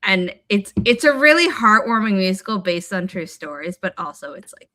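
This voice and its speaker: A woman hosting a writing livestream, chatting casually and telling rambling, animated stories. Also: medium pitch, moderate pace, no room sound. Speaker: writing sprint host.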